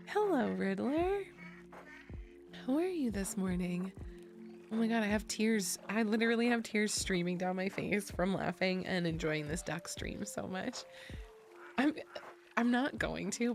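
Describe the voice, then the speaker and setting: An American woman streaming, chatting casually with viewers, giggly and chatty and loudly excitable. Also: medium pitch, gravelly.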